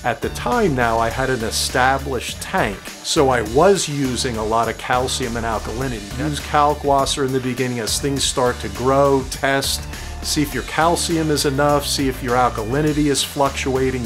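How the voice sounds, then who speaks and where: A man's voice: medium pitch, moderate pace, music in the background. A man from New Jersey hosting a reef tank hobby video, chatting casually to his viewers and answering their questions from his indoor tank studio. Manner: chatty, talks straight to viewers as "guys".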